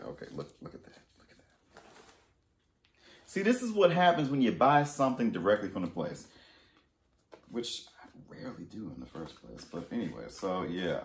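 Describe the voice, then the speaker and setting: A deep-voiced man with a gravelly edge tells a casual unboxing story for his vlog. His pitch bounces all over, jumping from loud exclamations to muttered asides. He was recorded in an echoey room with a little background noise. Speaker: fashion haul vlogger.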